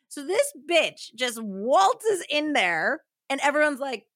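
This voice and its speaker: A woman co-hosting a true crime podcast, telling the story in a casual, animated, laughing way with slang. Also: high-pitched, slow, no room sound, studio quality. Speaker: podcast co-host.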